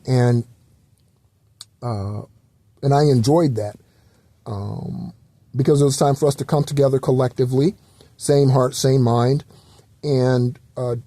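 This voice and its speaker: Rambling man with a mellow voice. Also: medium pitch, steady tone, measured pace, long pauses, no echo. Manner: loose, rambling, repetitive with fillers and occasional swearing. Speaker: spiritual channel host. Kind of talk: casual spiritual talk.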